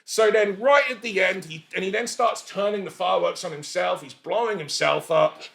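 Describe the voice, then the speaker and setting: A man in his forties, a podcast guest telling stories in a casual, animated way, laughing and swearing freely. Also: sits high, normal speed, gravelly. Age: 40s. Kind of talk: casual storytelling chat.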